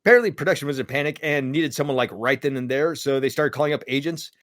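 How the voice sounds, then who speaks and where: This co-host of a laid-back podcast has a medium-pitched voice and talks fast over clean studio sound with no room tone. Telling a story with lots of animation, he performs the voices of those he's quoting.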